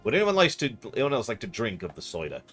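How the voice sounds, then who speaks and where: A man running an online tabletop game as game master, chatty with quick self-deprecating asides. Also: medium pitch, wildly swooping pitch, a bit bright, faint music behind.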